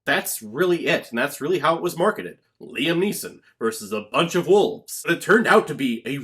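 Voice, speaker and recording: A man's voice: fairly high pitch, lively intonation, normal speed, sharp tone. A young man giving a casual movie review vlog, blunt and opinionated with jokey rants.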